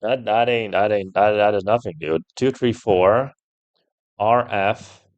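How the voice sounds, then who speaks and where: A man's voice: fairly low pitch, a little slow, dull audio. Frustrated young man puzzling aloud. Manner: swears a lot, gets loudly frustrated. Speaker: gameplay streamer. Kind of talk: puzzle game commentary.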